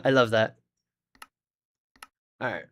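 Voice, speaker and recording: A man's voice: on the low side, slow pace. An Australian man chatting casually on a live stream, thinking aloud and talking to his viewers as he sorts out his game. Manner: chatty, thinks aloud, talks to chat while fiddling with the game.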